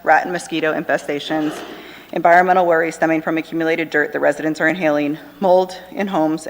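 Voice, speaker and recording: A woman community advocate reading a formal prepared public comment at a council meeting. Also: sits low. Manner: formal, brisk, reads a list. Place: council chamber. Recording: long hall reverb.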